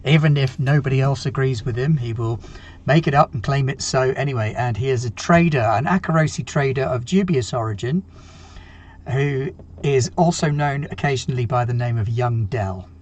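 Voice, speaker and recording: A man playing a tabletop game, calmly explaining his character. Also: medium pitch, normal speed. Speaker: player.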